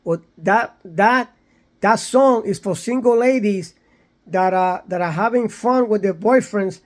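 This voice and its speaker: A man's voice: sits high, unhurried. A man talking in a casual vlog monologue, rambling and repetitive, lecturing his viewers with many fillers and restarts. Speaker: vlogger. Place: somewhere in San Antonio, Texas.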